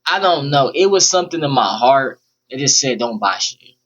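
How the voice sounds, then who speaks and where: A man's voice: medium pitch, animated, normal speed, dull audio. Profane young man telling a story. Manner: rambling, profane, blunt. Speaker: vlogger. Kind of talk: casual storytime monologue.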